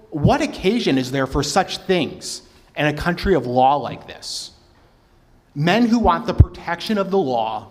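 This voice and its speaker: A man giving formal testimony as a historian, speaking in a measured way and reading quotations aloud. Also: fairly high pitch. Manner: measured, quotes sources aloud. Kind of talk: formal public talk with read quotations. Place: public hearing hall. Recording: reverberant hall.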